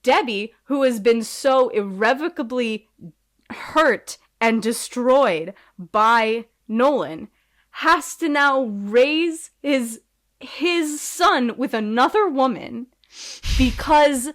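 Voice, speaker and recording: A woman's voice: sits high, expressive, slow pace, fairly bright tone. A woman co-hosting a podcast in casual chat, rambling off on tangents with sarcastic asides. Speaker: podcast co-host.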